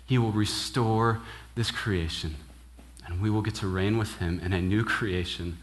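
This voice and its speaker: Young male minister, slightly low voice, casual animated sermon style, keeps asking "right?". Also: measured pace, a little hiss or hum. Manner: casual and animated, acts out quoted dialogue, frequent "right?". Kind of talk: conversational sermon.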